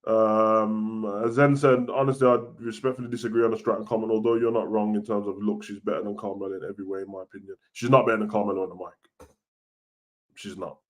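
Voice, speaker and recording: A man's voice: lowish voice, quick pace. Slangy young man chatting. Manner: casual slangy and animated, swings loud and soft. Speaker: wrestling show host. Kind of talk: live-stream chat reading comments.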